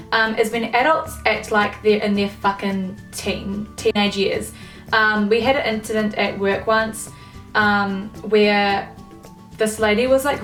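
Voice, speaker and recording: Young woman, exasperated swearing vlog rant, mid pitch, echoey room, mic set back. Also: distant mic. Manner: swears a lot, filler-heavy, exasperated. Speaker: vlogger. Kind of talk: casual ranting monologue.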